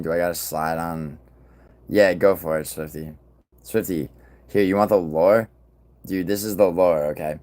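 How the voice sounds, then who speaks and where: A man hosting a live stream, chatting loosely with viewers in a profane, rambling way, with sudden loud outbursts. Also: deep voice. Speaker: livestream host. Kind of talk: casual live-stream chat reacting to viewers.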